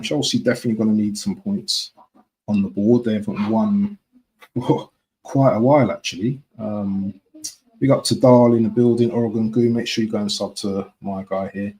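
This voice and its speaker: Chatting loosely with viewers on a live stream, this football fan streamer says things more than once and keeps tossing in "yeah?" His voice sits low and sounds mellow, though the recording is rough.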